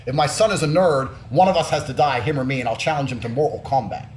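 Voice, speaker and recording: A man in his thirties delivering a loud, profane, boastful rant full of taunts. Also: medium pitch, quick pace, crowd noise. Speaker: public personality.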